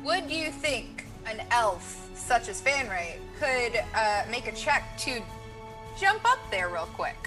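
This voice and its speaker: A woman's voice: fairly high pitch, takes it slowly, over music. A woman playing a tabletop game, eager and chatty. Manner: eager, lively. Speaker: player. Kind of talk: casual tabletop play.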